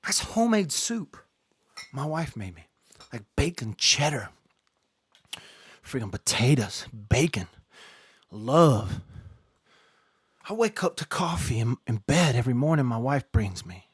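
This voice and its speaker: A man hosting a casual live stream, rambling and joking, swinging between low muttering and loud outbursts. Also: sing-song, unhurried, long pauses, slightly rough, no room sound. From Ireland.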